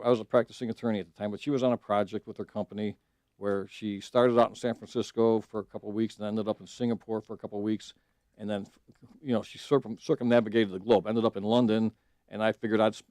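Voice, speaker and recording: A man's voice: fairly low pitch, a little mellow, dry recording. A middle-aged man, telling his story as a guest in a radio studio, earnest, with many restarts and fillers. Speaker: judicial candidate, radio guest. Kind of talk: casual radio interview.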